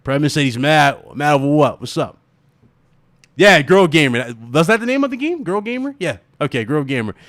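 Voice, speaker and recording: A man's voice: fairly high pitch, normal speed, dry recording, clean studio sound. Ranting, cursing male stream host. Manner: animated, profane, laughing and ranting. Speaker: gaming livestream host. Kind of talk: casual livestream chat.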